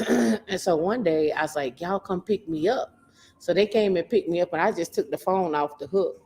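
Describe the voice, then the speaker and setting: Woman, podcast co-host, low-pitched, expressive storyteller, faint background noise. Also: moderate pace. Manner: expressive storyteller who acts out quotes with big pitch jumps. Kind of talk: casual chat.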